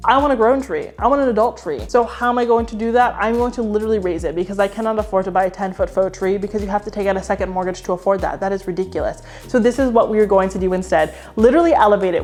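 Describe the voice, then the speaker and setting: A woman's voice: medium pitch, very fast, hardly any pauses, soft background music. A woman hosting a home decor vlog, giving design tips to camera in a chatty, playful, slangy way. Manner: animated, playful, slangy, talks straight to camera.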